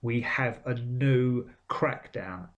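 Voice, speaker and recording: A man's voice: mid-range voice, takes it slowly, muffled recording. A man giving blunt, sweary, opinionated commentary on video game trailers. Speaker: game vlogger. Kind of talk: casual commentary.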